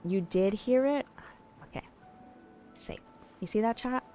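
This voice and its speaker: A woman streaming a game late at night, chatting casually and playfully with her viewers, teasing and giggling and sometimes dropping to a hush. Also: fairly high pitch, a little slow, soft background music. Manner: drops to a hushed late-night voice at times. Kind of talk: casual chat with live viewers.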